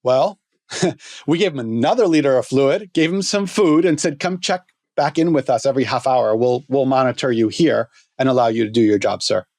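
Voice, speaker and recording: A middle-aged man, a former fire lieutenant, tells an emotional story as a podcast guest, earnest and halting, often restarting his words. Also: mid-range voice, a little mellow, no room sound, clean studio sound.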